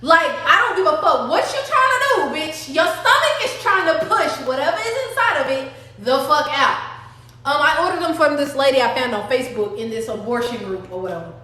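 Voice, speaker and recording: High, bright woman in an echoey room. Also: lively intonation, brisk. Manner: profane, dramatic, talks straight to the audience. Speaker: storytime vlogger. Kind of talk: personal storytime.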